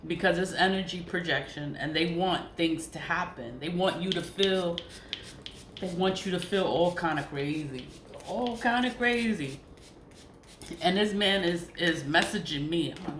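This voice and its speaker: A woman's voice: fairly low pitch, normal speed, fairly bright tone. A woman vlogger venting in a casual monologue, profane and exasperated, laughing often between complaints. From United States. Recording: echoey room with faint noise.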